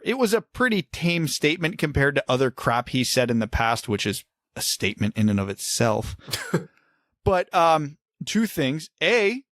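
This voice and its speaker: A man's voice: a little high, fairly bright tone, dry recording, studio quality. A man co-hosting a casual podcast, ranting heatedly and swearing. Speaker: podcast co-host.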